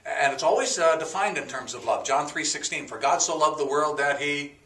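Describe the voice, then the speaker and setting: A man's voice: a little high, brisk, bright, forceful tone, recorded from a distance. A man teaching a sermon, explaining words one by one in a folksy way with fillers and a joke. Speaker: pastor. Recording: echoey room, voice from off the mic.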